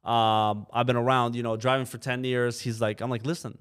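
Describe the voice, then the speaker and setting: A man of middle pitch telling stories on a podcast in an easy, casual way. He acts out the people he quotes and fills his speech with "you know" and "like". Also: little pitch movement, moderate pace, a bit bright, clean tone. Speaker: trucking company co-owner, podcast guest. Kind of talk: casual storytelling. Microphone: podcast microphone.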